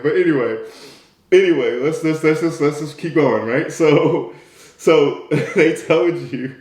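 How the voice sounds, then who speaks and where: A man's voice: a little high, unhurried, darkish tone. Direct, repetitive American man coaching. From United States. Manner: direct, repetitive, keeps asking "right?". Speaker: motivational speaker. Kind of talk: motivational talk. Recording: roomy echo.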